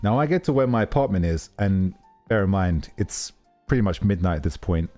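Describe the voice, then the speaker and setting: A man chats casually on a livestream, telling a meandering story with plenty of fillers and restarts. His voice sits low and sounds dark and relaxed. Faint music plays underneath. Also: brisk. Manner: rambling, storytelling, many fillers. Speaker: streamer.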